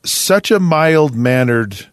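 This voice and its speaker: Slightly high man, reflective sports host. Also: expressive, dry recording, clean studio sound. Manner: reflective, halting with restarts. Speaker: podcast host. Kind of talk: casual sports chat.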